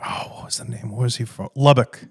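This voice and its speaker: Dude hosting a podcast, laughs a lot, swears, tells stories all loose and lively. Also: male voice, medium pitch, brisk, husky, no room sound, in a whisper, clean studio sound. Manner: laughing, animated storyteller who swears. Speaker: podcast host. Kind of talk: casual chat.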